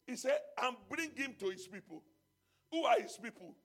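A man, a pastor preaching and leading prayer, moving between quiet teaching and loud shouted prayer. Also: very high-pitched, lively intonation, moderate pace. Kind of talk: sermon and prayer.

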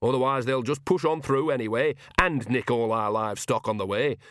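A man's voice: mid-range voice, a little fast, a bit bright, no room sound, clean studio sound, lightly acted. A man voicing an earthy, shameless old witch woman who talks in a blunt, bawdy, down-to-earth way, in an audiobook reading.

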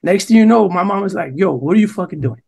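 Young man, husky, pitched a bit high, profane storyteller, casual podcast chat. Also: fast. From New Jersey. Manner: profane, animated storyteller quoting others. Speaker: podcast co-host.

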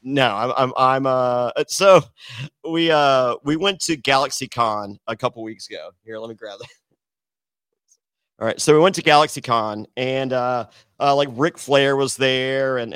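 A man's voice: mid-range voice, fairly bright tone, smooth, no echo, studio quality. A middle-aged man, a podcast guest, telling a long rambling story in casual chat, with many restarts, and acting out the voices of the people in it.

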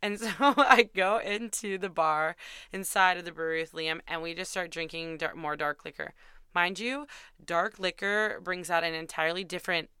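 Bright, clear-voiced young woman storyteller. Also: on the low side, normal speed, dry recording, clean studio sound. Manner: chatty, self-deprecating, swears freely. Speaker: podcast host. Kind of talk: candid storytelling.

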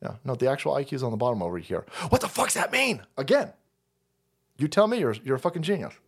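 A man's voice: mid-range voice, wildly swooping pitch, quick pace, breathy edge. A man ranting on a livestream, sarcastic and mocking, swearing constantly. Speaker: streamer. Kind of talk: livestream rant.

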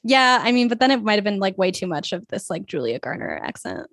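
A woman's voice: mid-range voice, very animated, brisk, gravelly, fairly bright tone, no room sound, studio quality. A woman in casual chat about a TV series who laughs easily and rambles.

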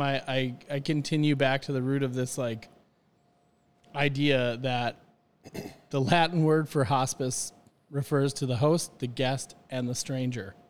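A man's voice: medium pitch, clean tone. Guy rambling earnestly on a podcast, lots of restarts, voice in a reverby room. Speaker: podcast guest on hospitality. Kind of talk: casual podcast chat.

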